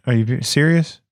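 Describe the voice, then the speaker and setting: A man's voice: medium pitch, dry recording, clean studio sound. A man co-hosting a comedy podcast, brash, profane and exasperated. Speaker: podcast co-host.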